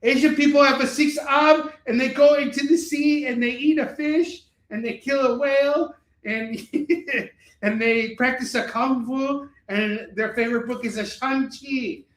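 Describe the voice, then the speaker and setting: A man doing a loud, pushy pitchman who barks his lines and swears at the listener. The voice sits well above a man's usual pitch, and the room gives it an echo. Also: steady tone, a little slow. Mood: mocking. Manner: barking, insistent, profane. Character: loud bossy male pitchman, pushy and mocking. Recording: roomy echo.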